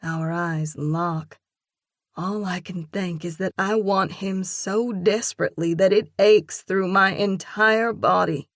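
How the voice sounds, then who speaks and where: A woman narrating a romance audiobook in the first person, with a measured, expressive reading. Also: lowish voice, no echo, studio quality.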